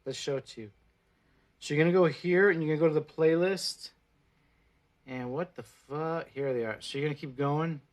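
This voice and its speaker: His voice on the high side and his pace moderate, a Mexican man in his forties livestreams from indoors. A native Spanish speaker who vlogs about plant-based food, he swears freely and speaks bluntly while encouraging viewers.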